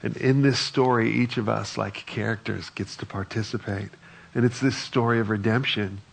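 Low gravelly male preacher, husky. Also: fairly even intonation, moderate pace. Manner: conversational preaching, reads scripture aloud. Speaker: pastor. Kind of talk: sermon.

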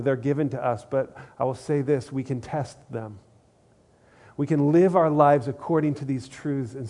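Mellow-voiced man preaching conversationally. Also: mid-range voice. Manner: conversational, earnest, repeats phrases for emphasis. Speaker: pastor. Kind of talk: sermon.

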